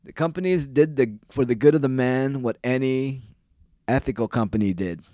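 A man's voice: medium pitch, moderate pace, mellow, dry recording, clean studio sound. A man ranting casually in a sarcastic, profane and rambling way, jumping from one complaint to the next.

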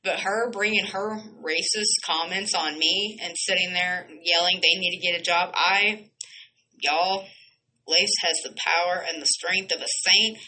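A woman's voice: fairly low pitch, pushed and bright, rough recording. A woman hosting a podcast, speaking in an impassioned monologue, blunt and emphatic, swearing freely and restarting phrases as she goes. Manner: repeats and corrects phrases mid-sentence. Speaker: podcast host.

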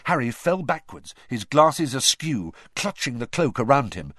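A man reading a storybook aloud with expressive, animated narration. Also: mid-range voice, unhurried, no echo. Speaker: audiobook reader.

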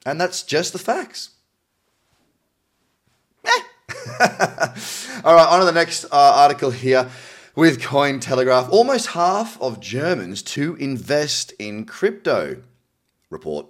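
A man's voice: a little high, very animated, takes it slowly, long pauses. An Australian man hosting a crypto news show, reading articles aloud with cynical, chatty asides. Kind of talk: casual news commentary.

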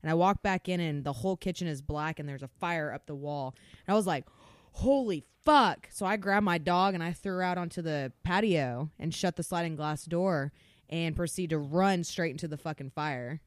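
A young woman on a podcast telling a story in an animated way, swearing constantly. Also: low voice, brisk, no room sound. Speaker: podcast co-host. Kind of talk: casual storytelling.

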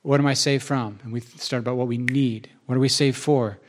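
A man's voice: mid-range voice, steady tone, a little fast. A man preaching a sermon in a church, enthusiastic and conversational, often restarting his sentences.

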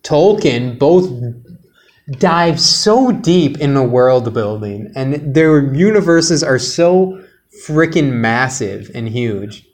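A man's voice: medium pitch, expressive, takes it slowly. A man co-hosting a casual podcast, joking around and rambling with lots of "like". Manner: jokey, rambling with many "like"s. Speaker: podcast co-host.

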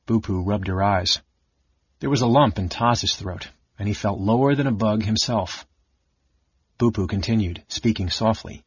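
A man narrating a fantasy audiobook with a steady, expressive reading. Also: fairly low pitch, normal speed, breathy edge, dry recording, dull audio. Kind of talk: scripted narration.

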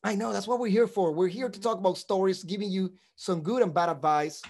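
With a high, brisk voice, this Puerto Rican podcast co-host swaps stories in easygoing chat. He curses constantly and tells his tales with plenty of energy.

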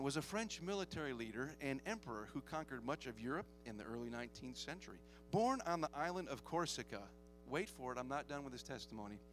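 A man's voice: a little high, a bit bright. A man preaching a sermon as pastor, joking often and calling for amens from the congregation.

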